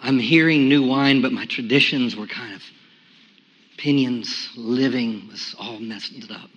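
A bright, forceful male voice in a long-reverb church hall. A pastor gives a personal testimony, at times hushed and at times loud and soaring. The sanctuary echo hangs on each phrase. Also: a little slow, breathy edge, muffled recording. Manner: testimony builds from quiet and hushed to loud and high. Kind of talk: sermon.

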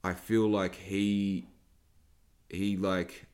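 A man's voice: sits low, flat delivery, drawn-out words, darkish tone. A young man hosting a podcast, talking in a casual, rambling way and swearing freely as he tells a story. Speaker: podcast host and small business owner.

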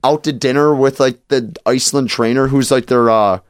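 As a podcast co-host, a man chats casually in an animated, rambling way, full of fillers and restarts. His voice sits at a middle pitch and moves at a moderate pace. The recording is dry and close, with no room sound around it.

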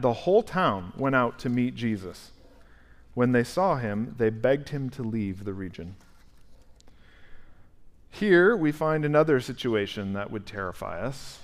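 A male pastor with a mid-range voice preaches in a church sanctuary, keeping his sermon conversational and animated as he poses questions to the congregation.

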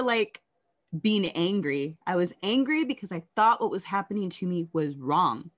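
A woman telling her life story in an interview, candid and reflective, often halting and restarting. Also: medium pitch, big pitch swings.

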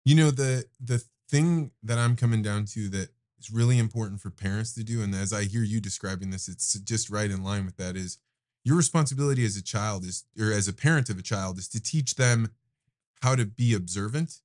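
A man hosting a podcast, telling stories about fatherhood in a reflective way and often shifting between quick and slow delivery. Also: on the low side, darkish tone. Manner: reflective storyteller, eager, speeds up and slows down. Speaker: podcast host. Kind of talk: casual conversation.

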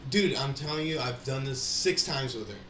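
A man's voice: mid-range voice, normal speed, fairly bright tone. A man in casual chat, rambling and profane, talking animatedly with a friend. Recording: echoey room, faint background noise.

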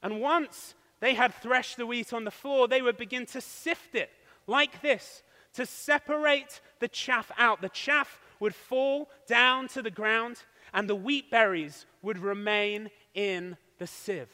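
High bright pastor in a reverberant hall. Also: male voice, slow. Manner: explanatory storytelling with a demonstration. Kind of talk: sermon.

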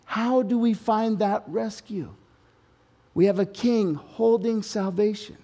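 A man preaching a sermon at a church service, swinging from loud, urgent proclaiming to low conversational asides and jokes. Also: steady tone, slow. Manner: informal, joking tangents with everyday examples. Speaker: pastor.

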